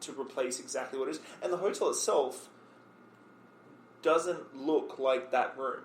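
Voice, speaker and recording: A man's voice: medium pitch, a little slow, slight background noise. A man hosting a casual podcast interview, talking loosely with plenty of fillers and restarts. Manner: relaxed, rambling with many fillers. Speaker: podcast host. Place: bar or room, recorded on a phone. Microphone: phone recorder. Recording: echoey room.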